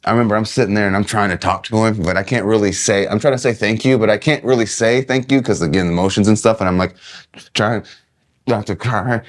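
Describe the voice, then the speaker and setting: Male podcast guest from Kentucky, lower voice, excitable storyteller who restarts sentences. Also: fast talker. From Kentucky, USA. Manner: animated, laughing, many restarts. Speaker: guest wrestler. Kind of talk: casual podcast interview storytelling.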